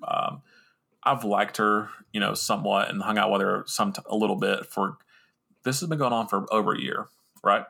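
A man's voice: fairly low pitch, gravelly, sharp tone. A young man hosting a podcast, telling a rambling, profane, self-mocking story in casual talk. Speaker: podcast host.

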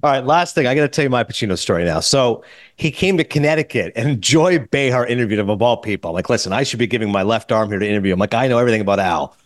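Fast-talking male podcast host. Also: medium pitch, no room sound, clean studio sound. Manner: fast, animated storyteller. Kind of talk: casual interview chat.

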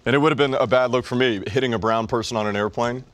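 A man's voice: medium pitch, fairly even intonation, quick pace, slight background noise. A young man co-hosting a podcast, chatting casually and sarcastically about sports. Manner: wisecracking, sarcastic. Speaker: podcast co-host.

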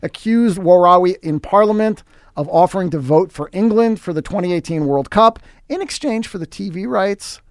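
A man delivers scripted sports commentary as a podcast host, his voice sitting a little high for a man. He is dry and sarcastic, dropping wry asides between facts. The recording is dry, with no room echo. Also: moderate pace, clear, resonant tone.

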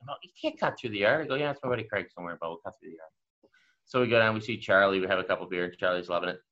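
A man from Atlantic Canada, a podcast guest, telling a casual anecdote in a relaxed way. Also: racing. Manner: relaxed anecdotal, raises pitch for quoted voices. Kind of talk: casual storytelling. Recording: dull lo-fi sound.

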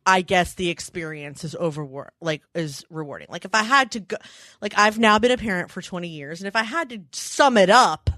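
Lively woman in her 40s, chatty podcast co-host, bright voice, dry close sound. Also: on the low side, fairly quick, no echo. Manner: animated, acts out quotes in exaggerated voices. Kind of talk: casual chat.

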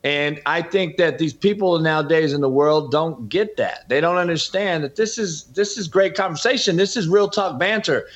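A fired-up man holding forth as an interview guest, with a fairly high voice. He presses his points hard and emphatically, and the sound comes through dull and lo-fi. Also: normal speed, hardly any pauses. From California. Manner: passionate, emphatic, preachy. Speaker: podcast host and former coach, guest. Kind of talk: heated interview talk.

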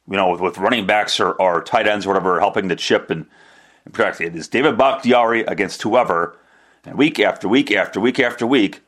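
Man, somewhat low voice, solo sports podcast host, chatty, rambling, casual commentary. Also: fairly bright tone. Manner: chatty, rambling, with restarts and self-deprecating asides.

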